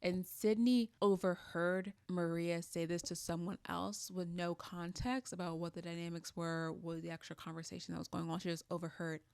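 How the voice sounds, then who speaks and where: A woman in her twenties talks through a reality show recap in a loose, opinionated way. Her voice sits fairly low for a woman and has a gravelly fry. The sound is dry and close. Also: little pitch movement, normal speed, hardly any pauses, darkish tone, no echo. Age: 20s. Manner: chatty and opinionated, many "like" fillers. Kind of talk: casual recap chat.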